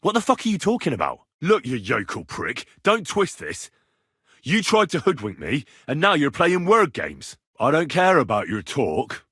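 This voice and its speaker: Hot-tempered young medieval blacksmith's son for a game; husky, dry studio read. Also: male voice, a little high, huge pitch swings, moderate pace, fairly bright tone, no room sound, full character voice. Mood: angry. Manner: swears in anger, blunt and wry. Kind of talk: video game voice lines.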